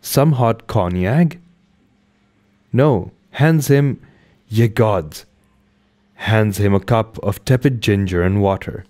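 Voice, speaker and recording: A man reading a classic novel aloud, carefully and unhurried, then chatting casually to listeners. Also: lowish voice, dark tone. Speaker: audiobook reader. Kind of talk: amateur audiobook reading and casual sign-off.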